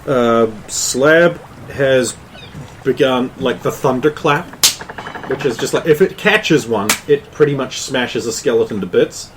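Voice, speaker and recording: A man's voice: medium pitch, unhurried, a little hiss or hum, rough recording. A man running a tabletop game as game master, narrating loosely with many fillers.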